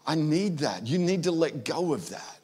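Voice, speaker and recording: A man's voice: fairly high pitch, very animated, moderate pace, darkish tone, breathy edge. An Australian male pastor voicing God as a frank, blunt voice that challenges the listener in a sermon. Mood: challenging.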